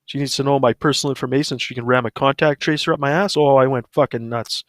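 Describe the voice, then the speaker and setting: A man's voice: mid-range voice, fairly even intonation, quick pace, no room sound. Brief: man, crude no-filter ranter, plain mid voice, dry. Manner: profane, blunt ranting. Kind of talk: casual storytelling on a livestream.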